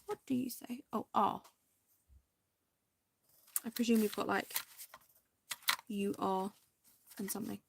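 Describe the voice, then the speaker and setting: A woman hosting a crafting video, chatting casually and indecisively to viewers, now and then dropping into soft half-whispered asides. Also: mid-range voice, steady tone, takes it slowly, creaky, pauses often, background noise.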